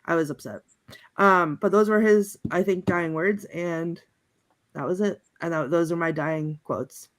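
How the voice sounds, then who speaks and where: A woman's voice: on the low side, measured pace. Giggly rambling woman on a video call. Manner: rambling and giggly, with many fillers and restarts. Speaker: podcast panelist. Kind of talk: casual chat recapping favorite movie quotes.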